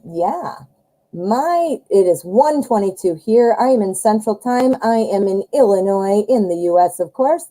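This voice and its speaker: A chatty, excitable woman, hosting a live tarot reading stream and joking about herself. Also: medium pitch, rough recording. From western suburbs of Chicago, US. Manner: chatty, excitable, self-deprecating jokes.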